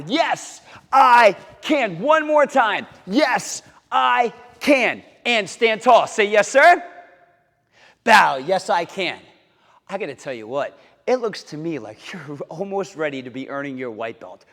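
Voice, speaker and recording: A man's voice: high-pitched, fairly bright tone. A man teaching a karate lesson to kids, upbeat and encouraging, calling out chants and drill counts. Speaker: martial arts instructor. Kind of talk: kids' karate lesson to camera. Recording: long hall reverb.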